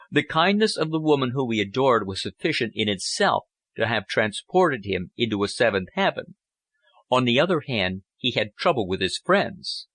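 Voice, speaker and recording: Expressive male audiobook narrator. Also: medium pitch, no echo. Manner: measured, storybook reading. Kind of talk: audiobook narration of a period novel.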